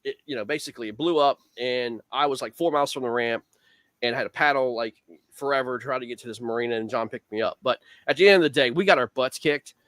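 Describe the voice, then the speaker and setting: A fast-talking man with a medium-pitched voice tells a long fishing story on a video call as the guest angler. It's casual, rambling, and animated, full of "man" and "dude," and the recording is dry.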